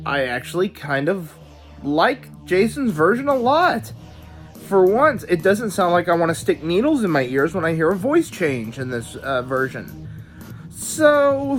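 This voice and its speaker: A man hosting a video, giving opinionated casual commentary with stammering asides. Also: high-pitched. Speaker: video host reviewing dubs.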